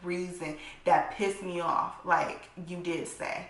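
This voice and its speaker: A woman's voice: on the low side, fairly even intonation, slow pace. A young adult woman vlogger telling a blunt, profane storytime and acting out the people in it. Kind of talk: storytime vlog. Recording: echoey room.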